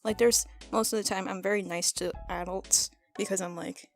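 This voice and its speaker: A teenage girl telling rambling high school stories in a casual storytime, often laughing and restarting her sentences. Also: fairly even intonation, moderate pace, gravelly, no room sound, soft background music. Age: teens. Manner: rambling, laughing, self-correcting. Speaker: art vlogger. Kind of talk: casual storytime over a speedpaint.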